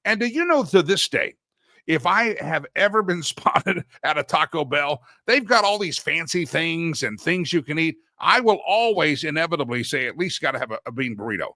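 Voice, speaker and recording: A middle-aged talk show host tells rambling personal anecdotes in a casual monologue, often correcting himself mid-sentence. His voice is on the high side, bright and forceful, with lively intonation at a normal speed. The recording is dry and of studio quality.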